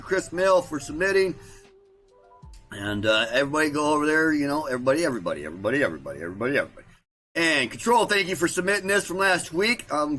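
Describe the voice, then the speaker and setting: A man's voice: on the high side, fairly bright tone. A man hosts a loose livestream at a computer mic. He rambles, repeats words and trails off mid-thought. Faint music plays in the background. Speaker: livestream host. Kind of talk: casual livestream chat.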